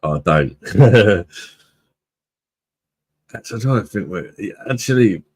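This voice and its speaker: A man with a low voice and a British accent talks loosely to his live chat. He is relaxed and chatty, laughs a lot and drops casual swears. His delivery stays easygoing and unscripted. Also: unhurried, breathy edge. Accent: British English. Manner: laid-back, chatty, laughs often, swears freely. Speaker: livestream host, beer reviewer.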